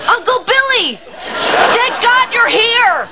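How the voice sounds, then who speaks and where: A man's voice: very high voice, big pitch swings, takes it slowly, over a noisy crowd, heavily acted. A man doing a bored, blunt young woman. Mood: alarmed. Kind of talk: comic sketch acting. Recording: muffled, with loud hiss and audience noise.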